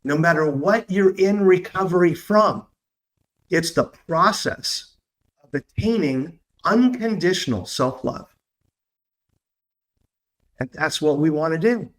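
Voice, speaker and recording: A man with a slightly raised voice hosts his own podcast in an earnest, confiding tone. He sounds upbeat and sincere. He leans into slow, emphatic stretches when something matters to him. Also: on the high side, expressive. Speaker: podcast host. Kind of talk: reflective solo podcast talk.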